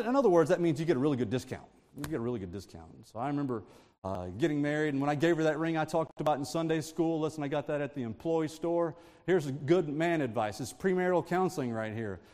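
A man delivers a sermon full of family anecdotes and asides, often breaking into laughter. His voice sits a little higher than most men's. A long reverb trails each phrase, as in a large church. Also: a little mellow. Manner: storytelling with frequent laughs and asides. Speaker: preacher.

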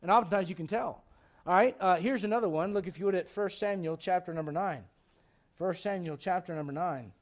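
A man with a high-pitched voice preaching a midweek Bible study sermon. He reads scripture aloud and climbs in pitch and volume when he drives a point home. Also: a little fast. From raised in a Spanish-speaking home. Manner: animated, rising and loud on emphatic points, reads scripture aloud. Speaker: pastor.

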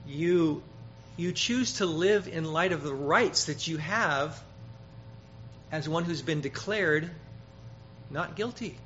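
Brief: male preacher, bright slightly high voice, emphatic sermon delivery, dull lo-fi recording with faint hiss. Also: takes it slowly, pauses often. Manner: emphatic, rises loud on quoted scripture, repeats words.

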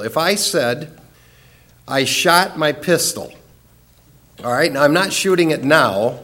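A man's voice: a little high, fairly bright tone. A man teaching a Bible study lesson in an earnest, emphatic way, repeating key words for stress.

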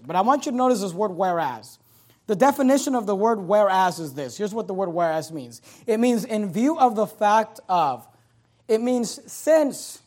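A man preaching an expository sermon, reading scripture with dramatic emphasis and breaking into conversational asides to the congregation. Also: high voice.

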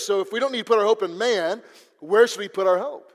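High-voiced preacher in a reverberant hall. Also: male voice, fairly quick. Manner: storytelling preacher with repeated restarts. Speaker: pastor. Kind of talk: sermon. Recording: long reverb of a large hall.

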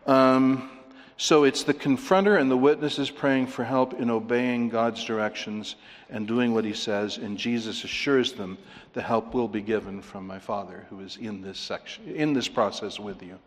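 A man's voice: mid-range voice, steady tone, moderate pace. A man preaching a sermon as a pastor, conversational and emphatic, asking rhetorical questions and chuckling now and then. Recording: long hall reverb.

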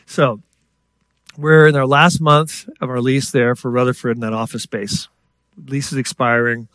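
A man preaching a sermon in a lively storytelling way, acting out voices and joking with the congregation. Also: medium pitch, a little slow, clean tone, no room sound. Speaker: guest preacher. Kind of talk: sermon with stories.

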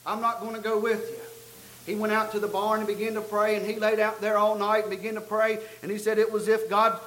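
A man preaching a sermon, telling a story and building to loud, emphatic peaks. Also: high-pitched, level tone, fast, reverberant, rough recording. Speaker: pastor.

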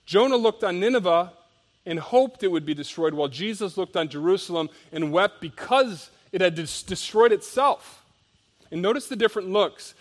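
Male pastor preaching, slightly high voice, reads scripture then explains it with strong emphasis and quiet drops. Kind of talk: sermon.

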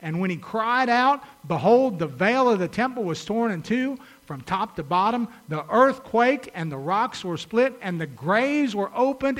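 A man preaching a sermon, reading scripture and retelling stories, his voice rising to loud shouts and dropping to hushed urgency. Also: sits high. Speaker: pastor.

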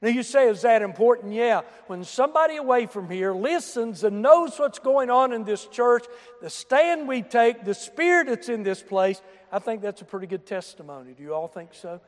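A man preaching a fervent sermon to his congregation, moving between quiet asides and shouted emphasis. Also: extremely high pitch, lively intonation, moderate pace, in a large hall. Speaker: pastor. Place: church sanctuary.

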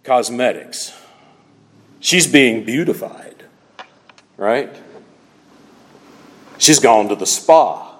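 A man preaching a sermon as a pastor, expressive, acting out small everyday scenes as he teaches. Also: mid-range voice, drawn-out words, long pauses. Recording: reverberant hall.

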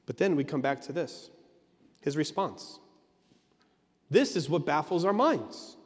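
A man's voice: a little high, animated, measured pace, big-room sound. A man preaching an earnest sermon as a pastor, leaning on emphatic repetition.

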